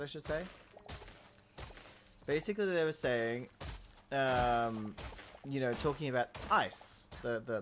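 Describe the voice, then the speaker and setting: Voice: mid-range voice, a little hiss or hum. A gaming YouTuber chatting casually over gameplay, telling a rambling story full of fillers and restarts, with goofy asides and giggles.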